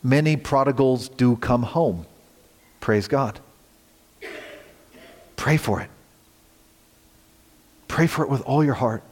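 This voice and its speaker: A man preaching a sermon as pastor, earnest, swinging from loud emphasis to hushed near-whispers. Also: medium pitch, takes it slowly, long pauses, big-room sound.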